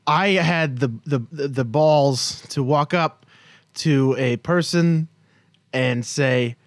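A man's voice: a little high, slow, no room sound, clean studio sound. A young man co-hosting a casual movie review podcast, rambling, profane and self-mocking. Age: young adult. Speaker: podcast co-host.

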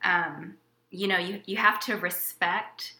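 A woman's voice: lowish voice, fairly even intonation, takes it slowly, bright, forceful tone. A woman guest in a casual chat, talking with lots of fillers and trailing off. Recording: roomy echo.

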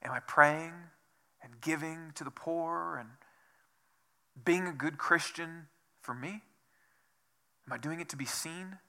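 A man's voice: fairly high pitch, takes it slowly, pauses often, bright, forceful tone. A man preaching a sermon as pastor, asking rhetorical questions over and over and dropping to a whisper for emphasis. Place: church.

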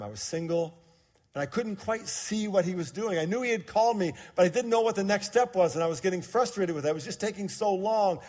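A man in his sixties preaching a sermon, telling a personal story as he moves between quiet, hushed moments and emphatic, raised passages. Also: mid-range voice. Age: 60s. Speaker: pastor.

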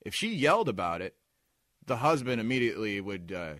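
A man's voice: lowish voice, big pitch swings, a little fast, fairly bright tone, no room sound, studio quality. A man co-hosting a podcast, telling a rambling story in casual banter and laughing often. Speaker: podcast co-host.

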